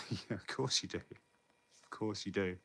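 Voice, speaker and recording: Bright-toned British man rambling casually. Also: on the low side, takes it slowly, gravelly, breathy edge. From Britain. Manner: rambling, swears often, laughs between lines. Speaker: live streamer. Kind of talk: casual live chat reading viewer comments.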